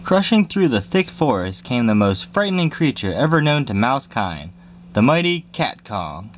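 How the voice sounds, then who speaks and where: Man, storybook read-aloud, very lively pitch, faint hum behind. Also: moderate pace. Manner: lively storytelling, jumps high for squeaky mouse cries. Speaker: reader. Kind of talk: reading a children's picture book aloud.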